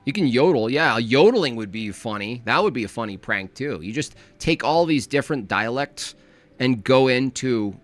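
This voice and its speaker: A man's voice: mid-range voice, animated, moderate pace, faint music behind. A man giving a comedic reaction commentary, joking and laughing often as he riffs.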